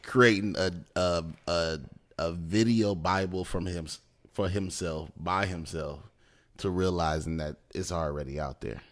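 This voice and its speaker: A man's voice: low-pitched, fairly even intonation, unhurried. A man co-hosting a podcast in casual chat, explaining at an easy pace and checking in with "right?" and "you know what I'm saying". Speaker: podcast co-host.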